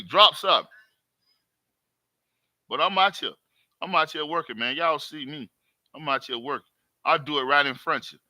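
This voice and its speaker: A man hosts his own live stream from home, talking to his viewers in a high, bright voice. He speaks in emphatic, repetitive street talk, circling back to the same points again and again. The sound is dry and close. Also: no room sound. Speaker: host.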